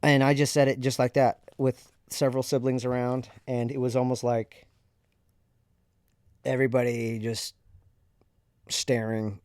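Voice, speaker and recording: A man's voice: mid-range voice, flat delivery, a little slow, pauses often, a little mellow, clear, resonant tone, dry recording, clean studio sound. A man in his thirties, a podcast host, candidly and reflectively telling a personal story in a conversational way.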